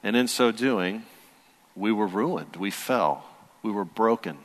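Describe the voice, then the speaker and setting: A man's voice: on the low side, animated, slow. A man in his thirties, a pastor preaching a sermon in a conversational, storytelling way that builds to earnest emphasis. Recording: long hall reverb.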